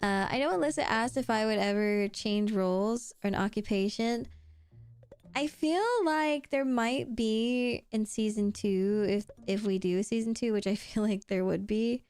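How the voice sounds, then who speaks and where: A woman's voice: medium pitch, unhurried, darkish tone, clear, resonant tone, no echo. A young woman streaming while she draws, in a rambling casual chat full of "like" and laughs, swearing now and then. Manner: chatty, rambling with frequent "like" and laughs.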